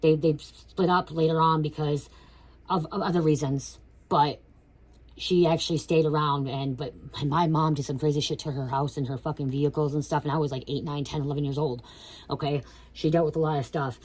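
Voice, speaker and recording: A woman's voice: sits low, fairly even intonation, a little fast, a little mellow, husky. A woman in her thirties giving a casual spiritual reading, blunt and profane, who keeps checking in with "okay?". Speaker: tarot reader.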